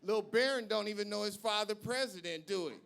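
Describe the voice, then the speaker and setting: A male stand-up comedian performing live on a club stage, brash and profane, shouting his punchlines. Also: high-pitched, fairly quick, gravelly, slight background noise.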